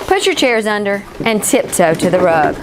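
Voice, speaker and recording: A woman teacher leading a classroom phonics lesson, encouraging and stretching sounds out slowly. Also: mid-range voice, very animated, background noise.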